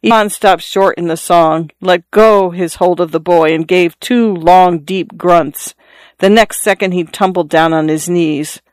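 A narrator reading a literary story aloud in a measured, even storytelling manner. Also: mid-range voice, clear, resonant tone, dry recording.

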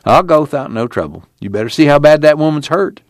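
A man reading aloud and voicing a rebellious rural ex-preacher who talks in a folksy drawl, calm and defiant. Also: a little high, fast talker, no room sound, voice pushed up. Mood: firm. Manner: folksy rural drawl, firm and plain-spoken.

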